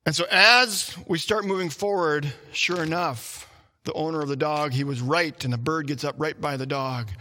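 A male pastor preaching a sermon, opening with a personal hunting story, animated and acting out shouts and his own thoughts as he tells it. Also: fairly high pitch, normal speed, long reverb tail.

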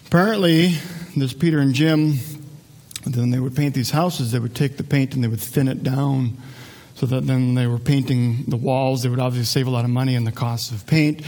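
A man's voice: mid-range voice, darkish tone. A man preaching a sermon as a pastor, conversational and joking, often restarting his sentences.

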